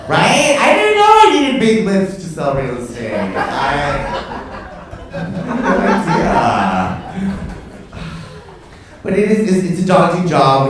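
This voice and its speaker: A man's voice: mid-range voice, distant mic, background noise. A man doing a stand-up set on a comedy club stage, brash, profane and camp, teasing the crowd. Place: comedy club stage before a live audience. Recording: echoey club, mic from afar, audience laughter.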